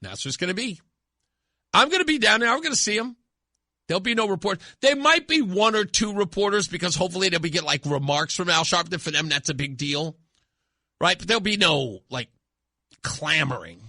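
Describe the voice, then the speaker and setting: A man's voice: high-pitched, animated, brisk, sharp tone, no room sound. A male talk radio host giving a sarcastic, mocking monologue in a studio. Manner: sarcastic, mocking, laughs at own jokes.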